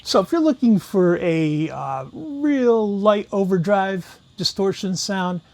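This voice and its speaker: Guy with a high-ish voice running a pedal demo, laid-back, explains each knob, bit of guitar in the back. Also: slow pace. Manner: relaxed, steps through each knob setting. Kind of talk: casual demo talk. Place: room with guitar gear.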